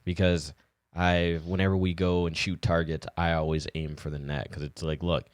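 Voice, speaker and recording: A man's voice: deep voice, flat delivery, moderate pace, no echo, clean studio sound. A man in casual chat, explaining earnestly with a few restarts.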